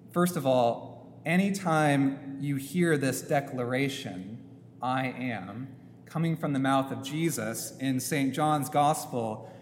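A man preaching a sermon as a priest in a church, slow and emphatic, posing rhetorical questions. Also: mid-range voice. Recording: long church reverb, faint hum.

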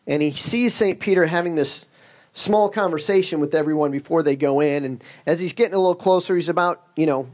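A man delivers a sermon in a relaxed, conversational manner, his voice sitting a little higher than most men's. He works a funny story in, with joking asides throughout. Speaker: preacher.

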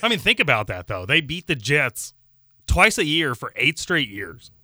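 A man co-hosting a sports radio show, asking quick, offhand questions in casual chat. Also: a little high, sing-song, bright, forceful tone, no echo, clean studio sound. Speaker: radio co-host.

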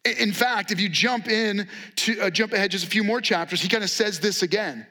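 A man preaching with a high, bright voice. He tells the story in an animated way and acts out the quotes with a sarcastic edge. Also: fairly quick. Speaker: pastor. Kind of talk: sermon.

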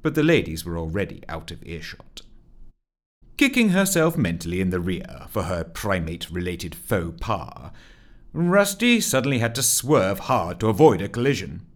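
A man narrating a comic story as an audiobook, with expressive storytelling. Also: low voice, moderate pace.

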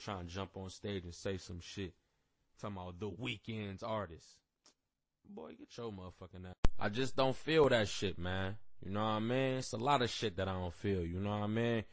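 His voice lowish and fairly bright, a podcast host launches into a casual rant, cursing a lot, rambling with filler, and getting more heated. The audio has no echo.

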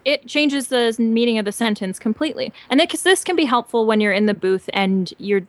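A woman from Canada co-hosting a podcast, giving upbeat coaching on warm-up exercises in casual chat. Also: fairly high pitch, lively intonation, fairly quick, dry recording. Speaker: podcast co-host teaching voice acting.

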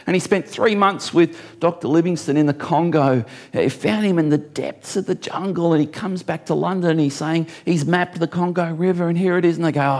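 A man's voice: a little high, a little fast, hardly any pauses. A middle-aged man, a pastor, preaching a sermon in a conversational way with wry asides and repeated key phrases.

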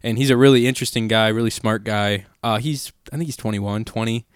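A man in his twenties hosts a podcast, spinning loose, rambling, profane stories in easygoing chat. His voice sits on the low side with fairly even intonation, and he talks fairly quickly. The tone is clean, with no room sound and a clean studio finish.

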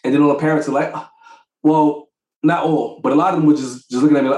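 Animated, laughing father in an echoey room. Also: a little high, fast talker. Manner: animated storyteller, laughs often. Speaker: podcast co-host. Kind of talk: casual chat.

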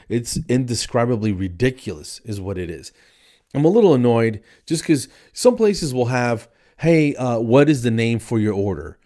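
Low-ish male comic host, worn out, exasperated, rambly. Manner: rambling, exasperated, repeats himself. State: tired late at night. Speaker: podcast host and comedian. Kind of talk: casual stand-up style monologue.

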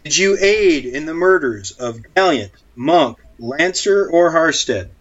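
A man's voice: on the high side, lively intonation, measured pace, muffled recording. A man playing a tabletop game, asking questions in a playful, mock-formal way. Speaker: player. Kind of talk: casual game chat.

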